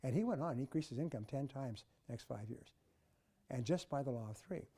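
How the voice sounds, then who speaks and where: An older man telling motivational stories, emphatic and animated, mimicking office chatter. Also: mid-range voice, brisk, slightly rough. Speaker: speaker. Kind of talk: motivational storytelling.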